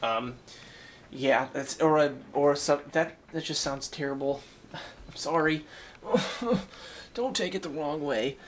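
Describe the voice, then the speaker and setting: A man's voice: fairly high pitch, slow pace, noisy background. Rambling young man vlogging at home. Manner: rambling, self-mocking, chatty. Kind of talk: casual daily vlog. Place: indoors at home.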